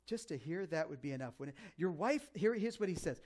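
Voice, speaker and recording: Lively high-voiced joking male pastor. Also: brisk, hardly any pauses. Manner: animated and joking, with frequent fillers and restarts. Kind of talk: conversational sermon.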